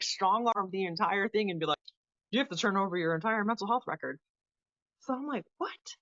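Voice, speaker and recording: A woman in her thirties, a guest on an interview show, telling her story in a casual, animated way and acting out the people she quotes. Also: mid-range voice, dry recording, dull audio. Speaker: podcast guest, Air Force veteran.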